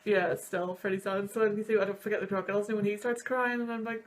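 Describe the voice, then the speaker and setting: A woman's voice: mid-range voice, little pitch movement, fast talker. A woman in her twenties, a student, giving rambling, emotional reaction commentary on sad film scenes. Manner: gushing, rambling, sniffly over sad scenes. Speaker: university student and video host.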